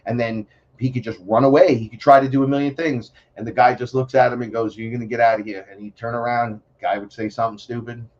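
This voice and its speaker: A man from the Bronx with a New York accent, a podcast guest talking in a blunt, profane, animated way. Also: mid-range voice, quick pace, highs cut off. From New York City, the Bronx. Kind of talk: casual podcast chat.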